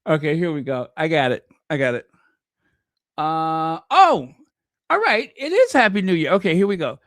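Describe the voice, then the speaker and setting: A man hosting a casual livestream, chatty and excitable, talking to himself as he goes. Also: fairly high pitch, moderate pace, dry recording, studio quality. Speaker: livestream host.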